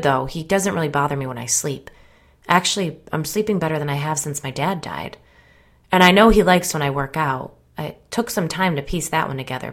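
A woman's voice: low voice, gravelly. A woman reading an audiobook, voicing a troubled, volatile young man who speaks anxiously and earnestly. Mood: uneasy.

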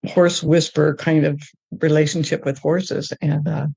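Middle-aged woman, lowish voice, halting testimony with restarts, rising high and excited at the joyful parts. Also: gravelly, breathy edge, no room sound. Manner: halting, with many restarts and fillers; grows high and excited when telling of joy. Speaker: guest sharing her testimony. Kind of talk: personal testimony in conversation.

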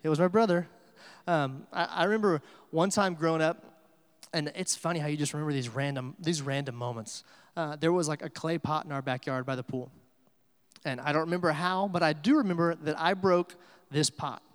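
A man's voice: on the high side, fairly quick, smooth, in a large hall. A man preaching a sermon in a church, telling stories in a loose conversational way with many fillers. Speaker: pastor.

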